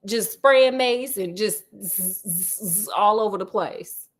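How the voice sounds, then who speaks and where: A woman of medium pitch reads slowly from a spooky children's novel. She's telling the story aloud but pauses for sassy, laughing comedic asides along the way.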